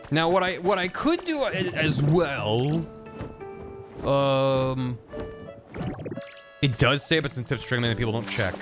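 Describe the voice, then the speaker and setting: A man streaming a video game who thinks aloud in a rambling, casual way and reads in-game text out loud. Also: medium pitch, lively intonation, slow pace, pauses often. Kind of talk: casual gameplay commentary. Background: game music.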